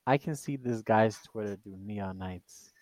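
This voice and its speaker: A man's voice: lowish voice, a little slow, darkish tone, no room sound. A man co-hosting a casual podcast, telling a story emphatically, repeating himself and swearing. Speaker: podcast co-host.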